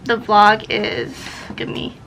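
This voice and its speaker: A woman's voice: medium pitch, slow pace, fairly bright tone, dull audio, slight background noise. A young woman chatting casually as a book vlogger, rambling and sidetracked while she films herself on camera. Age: young adult. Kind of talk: casual vlog chat. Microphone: camera facing her, self-filmed.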